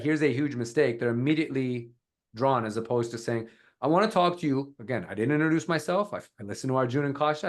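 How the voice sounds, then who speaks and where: Animated man coaching on a video call. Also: mid-range voice. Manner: energetic, demonstrates lines with emphatic delivery. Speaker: guest speaker on content creation. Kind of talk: live webinar coaching.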